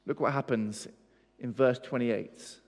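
A man's voice: mid-range voice, steady tone, slow pace. A man preaching a sermon, pressing his points with rhetorical questions and repetition. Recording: long hall reverb.

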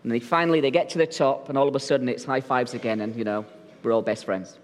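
A man's voice: medium pitch, fairly even intonation, fast, big-room sound. A male pastor preaching a sermon in a church, telling stories in a jokey, conversational way. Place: church sanctuary.

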